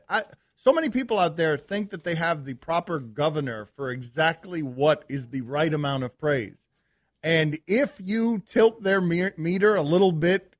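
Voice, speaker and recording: A man's voice: high-pitched, no room sound. A man hosting a sports radio show in a studio, talking in a rambling, sarcastic, exasperated way. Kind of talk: casual sports talk chat.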